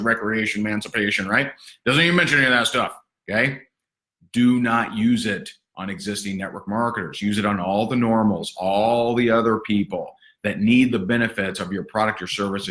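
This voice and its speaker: A man giving livestream sales training in an energetic, sarcastic, punchy motivational way. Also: on the low side. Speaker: network marketing trainer. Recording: roomy echo.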